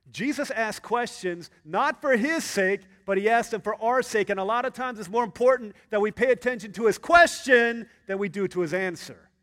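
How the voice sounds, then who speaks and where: A man preaching a sermon as pastor, acting out Bible characters in an excited voice and dropping low and hushed for earnest points. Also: moderate pace. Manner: animated, acts out Bible characters in a high excited voice.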